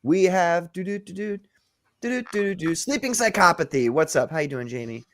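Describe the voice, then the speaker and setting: A man's voice: high voice, expressive, normal speed, a bit bright, slight background noise. A man hosting a casual livestream podcast, chatty and greeting viewers one by one. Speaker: podcast host.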